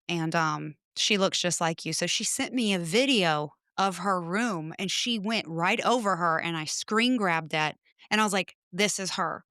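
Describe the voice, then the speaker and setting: A woman's voice: on the low side, fairly bright tone, no echo. A woman chatting as a podcast guest from her home studio, telling stories animatedly and acting out conversations. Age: adult with children. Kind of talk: casual chat.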